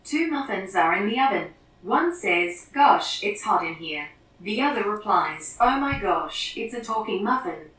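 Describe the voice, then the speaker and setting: Smart-speaker assistant played by a woman, even polite synthetic tone, echoey room, heard from afar. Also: medium pitch, measured pace, distant mic. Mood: neutral.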